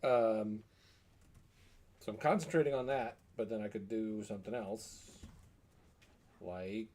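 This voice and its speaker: A man's voice: fairly low pitch, steady tone, a little slow, dark tone. A man playing a tabletop game over a call, working out his moves aloud with hesitant fillers. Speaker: player.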